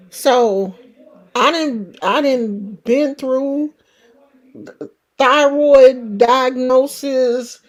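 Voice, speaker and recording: A woman in her sixties talks to her viewers in a frank, earthy, casual way, swearing freely. Her voice sits a little high for a woman. She takes her time, letting the words come slowly. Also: darkish tone. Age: 60s. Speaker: vlogger. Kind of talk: casual to-camera chat.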